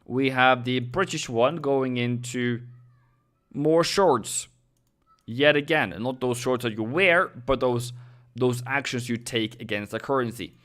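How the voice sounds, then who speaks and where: A young man hosting a live forex analysis stream, speaking slowly and deliberately at a middle pitch. His voice is smooth and clear, with non-native English phrasing, frequent fillers and self-corrections as he addresses viewers directly. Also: a bit bright. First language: Norwegian. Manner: talks directly to viewers, thanks subscribers. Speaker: forex trading host.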